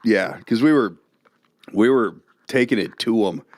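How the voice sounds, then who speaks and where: This middle-aged man co-hosts a podcast, spinning stories in a relaxed chat and laughing often as an animated storyteller. His voice is lowish and unhurried, captured in a dry, clean studio recording.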